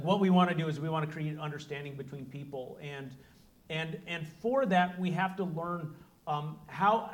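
Presenter: man with a high, light voice, earnest and explanatory, speaking to a live audience. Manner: earnest, explanatory, acts out short dialogues. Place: room with an audience.

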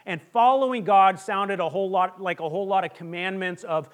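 A male pastor with a notably high voice delivers an earnest, conversational sermon. He stumbles through repeated restarts, then falls to a soft, hushed tone for the lines he wants to land. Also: a little fast.

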